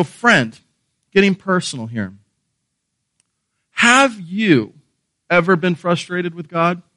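A man's voice: high voice, pushed and bright, dry recording. A man preaching a sermon, earnest and emphatic, asking rhetorical questions and repeating key phrases. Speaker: pastor.

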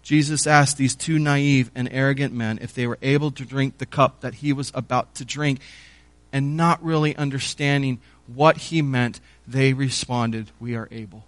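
A man's voice: mid-range voice, fairly even intonation, moderate pace, dry recording. Earnest man preaching, dry sound. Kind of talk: sermon.

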